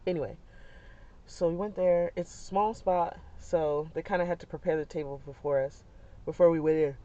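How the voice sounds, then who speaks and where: Chatty young mom, dull lo-fi sound. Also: female voice, low-pitched, normal speed. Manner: chatty and animated, many fillers, laughs often. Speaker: mother telling a family story. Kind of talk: casual storytelling vlog.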